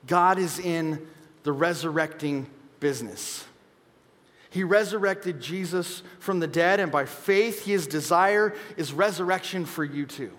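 A man's voice: a little high, a little slow, a bit bright. A man in his thirties, a pastor, preaching an earnest, conversational sermon with personal storytelling. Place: church sanctuary. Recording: long hall reverb.

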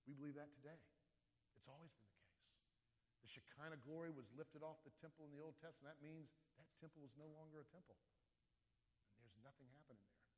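A man preaching a sermon as pastor, telling stories with sudden loud and quiet swings. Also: on the high side, quick pace, in a large hall.

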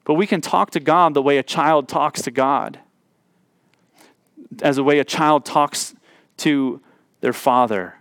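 Earnest higher-voiced male preacher, dry sound. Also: a little slow, pauses often, a bit bright, dry recording. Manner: earnest, with frequent restarts and repeated words. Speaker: pastor. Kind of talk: sermon.

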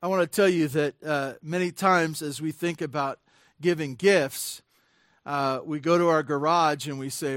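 A pastor preaches in an easy, conversational way, full of fillers and restarts, then presses his key points with emphasis. His voice sits a bit high for a man. The sound is close and dry, with no room echo. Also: steady tone, normal speed, a bit bright. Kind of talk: sermon.

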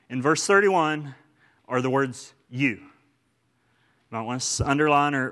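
A pastor with an Oklahoman accent preaches a sermon in church, his voice medium in pitch and a bit bright. He is earnest and emphatic, often repeating phrases to stress them.

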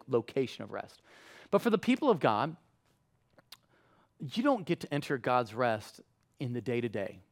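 A man preaching a sermon in a conversational way, acting out quotes with lively voices. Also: mid-range voice. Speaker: pastor.

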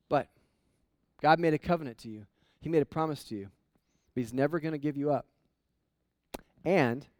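A man voicing a stern but reassuring male prophet, dropping his voice low and speaking firmly. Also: a little mellow, no echo, studio quality, natural voice.

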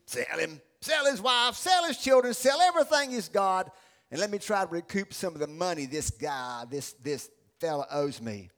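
A man acting out an angry ancient king who shouts orders to sell a debtor. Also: high voice, big pitch swings, normal speed, faint music behind, exaggerated voice. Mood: demanding. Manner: shouting, commanding. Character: angry ancient king demanding his debt.

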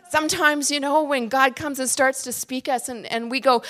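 A woman preaching at a retreat, earnest and emphatic, sometimes dropping to a hushed voice. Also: high voice, fairly even intonation, unhurried. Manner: earnest, emphatic, drops to a hush for prayer. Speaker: retreat speaker. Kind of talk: sermon.

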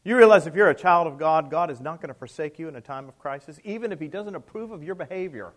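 A middle-aged male pastor preaching a sermon, emphatic, with rhetorical questions and swings between loud and soft. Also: fairly high pitch, expressive, fast talker.

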